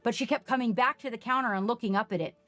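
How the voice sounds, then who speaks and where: Casual woman streamer, fairly high-pitched, dry close mic, faint music underneath. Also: fast talker, dry recording. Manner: chatty storytelling, animated quoted reactions. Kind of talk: casual live-stream chat. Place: home.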